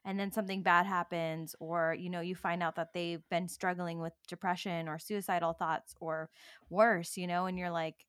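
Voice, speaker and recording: A woman's voice: lowish voice, flat delivery, moderate pace, a bit bright, smooth, no room sound, clean studio sound. A woman co-hosting a casual podcast, speaking earnestly with frequent "like"s and easy laughter. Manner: earnest, laughs often, says "like" a lot. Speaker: podcast co-host. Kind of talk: casual chat.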